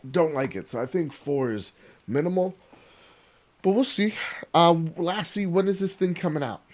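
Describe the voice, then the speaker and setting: A man hosting a casual podcast over a video call, excitable and swearing as he rattles off thank-yous. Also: on the high side, moderate pace. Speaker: podcast host.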